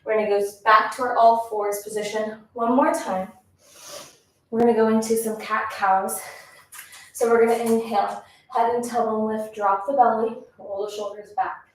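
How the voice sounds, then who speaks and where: Slightly high and steady, this pilates instructor's voice moves at a normal speed as she gives workout instruction. She's a little out of breath while counting reps and cheering people on, captured from afar in a room with echo.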